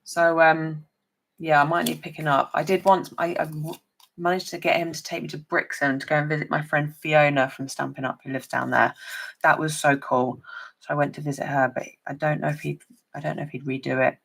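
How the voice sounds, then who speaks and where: A woman's voice: low-pitched, steady tone, a little fast, gravelly, a bit bright. A woman demonstrating papercraft on a chatty live stream, talking to her viewers by name as she works. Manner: chatty, talks to viewers by name while working.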